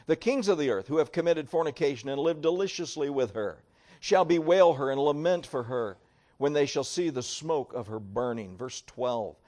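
Male pastor, middle-aged, slightly high voice, sermon delivery, rises and drops sharply for emphasis. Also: animated, moderate pace. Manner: preaching with wide swings in pitch and loudness, reading scripture aloud.

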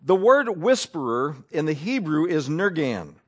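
A man preaching a sermon with a fairly high voice that swings widely up and down. He talks conversationally and keeps asking his listeners questions as he works through scripture. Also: big pitch swings, measured pace.

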